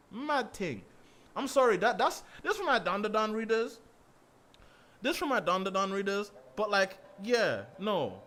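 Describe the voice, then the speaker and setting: A man's voice: sits high, measured pace. A young man, ranting playfully and swearing while streaming a game. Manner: animated, swearing, playful rants. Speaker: gaming streamer. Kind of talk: casual gaming commentary.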